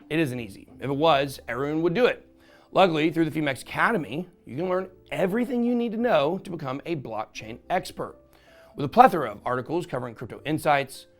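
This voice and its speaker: A man hosting a crypto channel, giving an upbeat, salesy sponsored review. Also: a little high.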